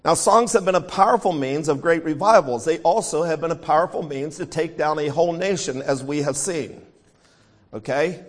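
An American man delivering a sermon in a voice a touch higher than most men's. He reads scripture and breaks into hymn lines as he teaches. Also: normal speed, husky. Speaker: preacher.

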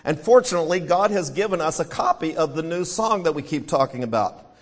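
A man's voice: a little high, animated, a little fast. A man with an American accent preaching a sermon, reading scripture and talking through hymns. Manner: singing hymn lines between teaching; reads scripture aloud.

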